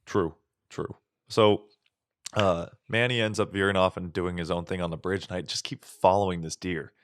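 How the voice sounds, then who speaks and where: A man co-hosting a podcast, telling a casual, animated story with plenty of swearing. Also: low voice, normal speed, no echo, studio quality. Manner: animated, profane, acts out voices in stories. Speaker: podcast co-host.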